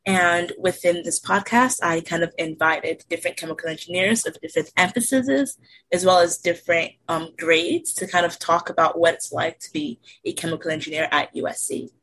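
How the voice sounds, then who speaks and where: A woman's voice: lowish voice, normal speed, fairly bright tone, breathy edge, poor audio. Young woman hosting a student podcast. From Delaware, USA. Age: 20s. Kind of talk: casual podcast moderation.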